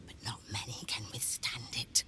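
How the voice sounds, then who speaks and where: An actress voicing a guarded female bookseller of dangerous books, in a slow, conspiratorial whispered role-play. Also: lightly acted. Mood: hushed. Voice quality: hushed, unvoiced whisper.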